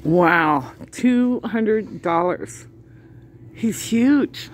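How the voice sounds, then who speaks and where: A woman's voice: medium pitch, lively intonation, very slow, slight background noise. A woman chatting casually to viewers while shopping, often chuckling, filmed on a handheld phone inside a large store. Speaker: shopping vlogger. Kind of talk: casual running commentary.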